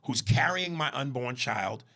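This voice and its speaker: A man's voice: mid-range voice, expressive, unhurried, vocal fry, bright, forceful tone. A man co-hosting a podcast in casual chat, reflective, often answering with "right". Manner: frequent "right" agreements, reflective. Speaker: podcast co-host.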